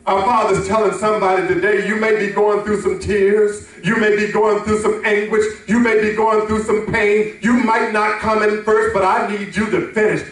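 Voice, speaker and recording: High-voiced preacher in an echoey hall. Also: male voice, fairly even intonation, normal speed, a bit bright. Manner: preaching with call-and-response to the congregation. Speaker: pastor. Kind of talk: sermon. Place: church sanctuary. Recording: echoey hall, mic from a distance.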